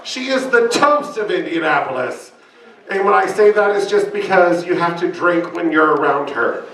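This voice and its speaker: A man performing as a drag queen in a live roast, delivering bawdy insults with shouted punchlines. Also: sits high, lively intonation, moderate pace. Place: bar function room with live audience. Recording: echoey room, mic from a distance, loud crowd.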